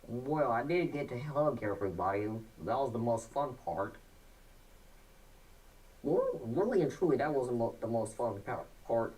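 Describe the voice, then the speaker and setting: Halting plainspoken male guest, off-mic. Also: medium pitch, big pitch swings, darkish tone, distant mic, poor audio. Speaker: interview guest. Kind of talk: casual interview answers.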